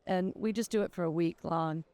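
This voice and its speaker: A woman who owns a jewelry store, telling stories in a casual, animated way. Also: lowish voice, brisk, no echo. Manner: lively, animated storyteller. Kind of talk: casual storytelling.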